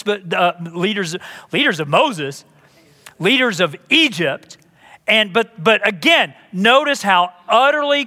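A male pastor delivers his sermon in a high, bright voice that carries a crisp edge. He talks in an emphatic, conversational way and doubles back on words as he pushes a point. His voice rings with the long reverb of a large hall.

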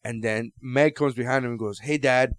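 A man's voice: mid-range voice, a little fast, dry recording, studio quality. A man co-hosting a podcast, telling crude stories in casual banter and acting out the voices. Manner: animated, profane storyteller who acts out voices. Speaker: podcast co-host.

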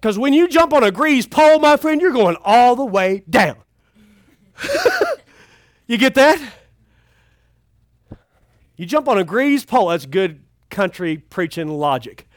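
A man's voice: very high voice, sing-song, unhurried, long pauses, no echo. A middle-aged man, a pastor, telling funny family stories in a folksy camp sermon. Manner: folksy and humorous, acting out a child's cries.

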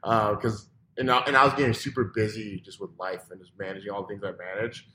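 A man, a restaurant owner, chatting casually as a podcast guest, loose and full of fillers, often trailing off quietly. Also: fairly low pitch, level tone, fast talker. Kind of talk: casual interview chat.

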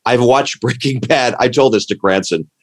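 In a casual chat, a man rambles enthusiastically about what he is describing, often interrupting himself and restarting sentences. His voice is medium-pitched and he speaks at a moderate pace.

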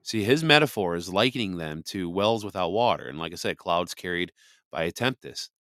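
A man's voice: low-pitched, expressive, brisk, a bit bright, dry recording, clean studio sound. A man hosting a podcast, giving casual Bible commentary in a conversational, emphatic way, often saying "you know". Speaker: podcast host.

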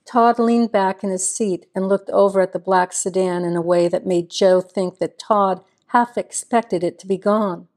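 A woman's voice: mid-range voice, steady tone, moderate pace, few pauses, darkish tone. Woman narrating a crime novel. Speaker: audiobook narrator. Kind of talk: scripted narration.

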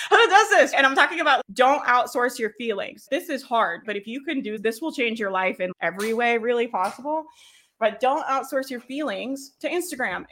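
A woman's voice: on the high side, fairly bright tone. A woman coaching a casual live workshop, chatty, laughing often and checking in with "right?". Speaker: business coach leading a workshop.

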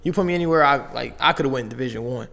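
A man's voice: medium pitch, rapid-fire, creaky, pushed and bright, long reverb tail. A young man from Las Vegas, a basketball player telling his story in loose, slangy casual talk full of fillers and restarts. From Las Vegas, USA.

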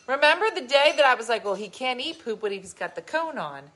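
A woman vlogger talks straight to her viewers in a casual, emphatic way. Her pitch swings widely as she tells her stories, and her tone is bright and forward. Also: a little fast, hardly any pauses. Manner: emphatic, animated storytelling. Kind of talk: casual chat to viewers, reading comments.

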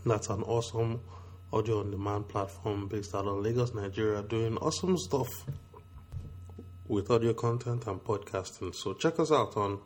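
A man's voice: lowish voice, normal speed. Man with a sore throat hosting a podcast. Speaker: podcast host. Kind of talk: casual podcast talk.

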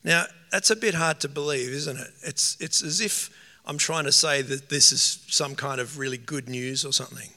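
A man's voice: medium pitch, bright, forceful tone. Earnest male preacher in a reverberant hall. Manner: earnest, emotional, slow emphatic phrasing. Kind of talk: sermon.

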